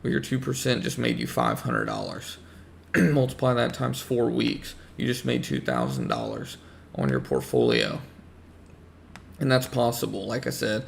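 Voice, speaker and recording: A man hosting a casual livestream, hoarse as he loses his voice, rambling and repeating himself while greeting chat viewers. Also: medium pitch, slight background noise. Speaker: livestream host talking trading.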